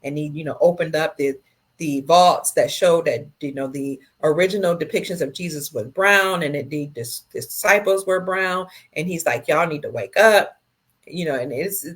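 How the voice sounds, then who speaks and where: A middle-aged woman hosting a casual livestream, reading viewer comments aloud and answering them slowly and tenderly. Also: low-pitched, slightly rough.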